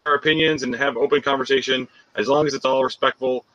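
A man's voice: medium pitch, fairly even intonation, quick pace, bright, forceful tone, lo-fi sound. A man hosting a live podcast, chatting casually, reading viewer comments and laughing often.

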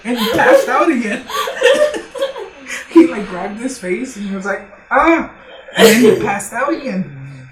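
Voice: mid-range voice, lively intonation, a little slow, pauses often, far from the mic. Young adult laughing through a wild story. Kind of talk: casual chat. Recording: roomy, off-mic, crowd noise behind.

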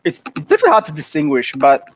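An Australian man co-hosting a casual podcast, pitched a little above most men. His mic sounds somewhat dull and lo-fi, with a faint hiss behind it. He addresses viewers directly in a reassuring way. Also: huge pitch swings, quick pace. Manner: reassuring, talks straight to viewers. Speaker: podcast co-host.

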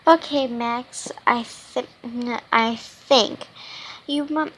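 A woman reading a children's storybook aloud, halting often and restarting her words. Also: a little high, a bit bright, slight background noise. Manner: halting, with frequent restarts and stumbles. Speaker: children's book reader.

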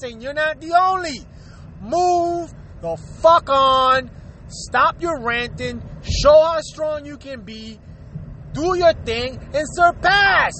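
A man's voice: extremely high pitch, bright, forceful tone, slight background noise. A man delivering a blunt, profane, preachy rant as a vlogger, asking "all right?" again and again. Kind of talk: ranting advice monologue.

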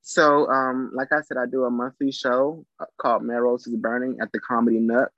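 A man from Trinidad and Tobago, a comedian chatting casually as a guest, animated and full of "you know". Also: medium pitch, brisk, dry recording, lo-fi sound. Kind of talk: casual interview chat.

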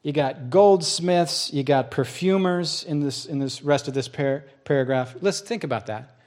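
A middle-aged male pastor preaching with animated storytelling, his fairly high voice leaping up when he acts out voices in a dialogue. He also sinks to a soft, hushed delivery for solemn points. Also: normal speed. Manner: animated storytelling, acting out both sides of a dialogue. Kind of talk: sermon.

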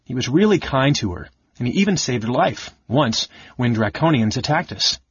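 A man's voice: mid-range voice, big pitch swings, moderate pace, breathy edge, no room sound, dull audio. A man voicing an earnest young kender. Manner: earnest and remorseful. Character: cheerful young male kender, earnest storyteller.

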